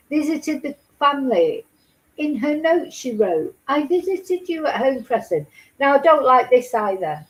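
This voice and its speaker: A woman's voice: fairly high pitch, poor audio. A woman hosting a casual true-crime chat, talking emphatically and indignantly, repeating herself and swearing. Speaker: host.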